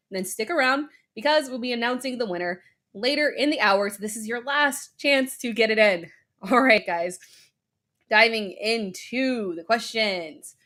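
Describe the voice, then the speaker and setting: A woman's voice: fairly high pitch, a bit bright. A woman hosting a live stream segment, upbeat as she talks through viewer questions. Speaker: show host answering questions.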